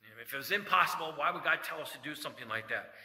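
A man's voice: a little high, animated, racing, bright, forceful tone. Man preaching in an echoey church. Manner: folksy, jokes and asides, scripture quotes. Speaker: pastor. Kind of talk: sermon. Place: church sanctuary. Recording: echoey church hall reverb.

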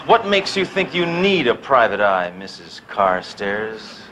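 A bumbling private eye. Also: male voice, lowish voice, sing-song, unhurried, background noise. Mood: wry. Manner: wisecracking, dim.

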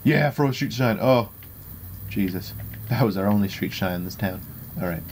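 A young man with a fairly low voice narrates his own fighting-game match out loud, jumping between muttered asides and bursts of trash talk. He laughs at his own jokes, and keyboard typing can be heard behind him. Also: animated, normal speed, slight background noise. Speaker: gameplay commentator. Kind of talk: live gameplay commentary.

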